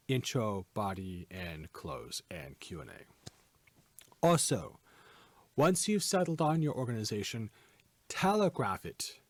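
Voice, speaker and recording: A man hosting a podcast lesson, giving presentation tips in a clear, emphatic, teacherly way. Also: medium pitch, no room sound.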